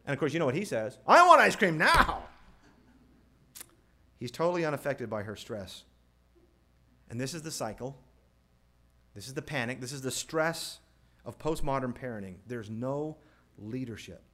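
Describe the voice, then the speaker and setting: A man preaching a sermon in an animated way, asking the crowd rhetorical questions and quoting scripture. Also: medium pitch, moderate pace, pauses often. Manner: animated, rhetorical questions, mimics family scenes. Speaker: pastor.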